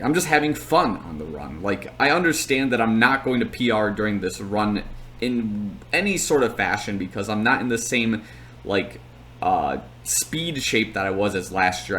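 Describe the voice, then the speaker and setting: A man's voice: fairly low pitch, fairly bright tone, a little hiss or hum. Chatty young man recapping a race. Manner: chatty, rambling, lots of fillers.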